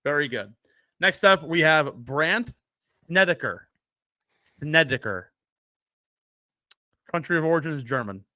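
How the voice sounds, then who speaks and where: A man co-hosting a podcast and quizzing his partner in a teasing way. His voice is bright and a bit high, and the sound is dry and close-miked. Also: expressive, measured pace, long pauses, dry recording. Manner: teasing, quizzes the other host. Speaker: podcast co-host. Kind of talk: casual podcast banter.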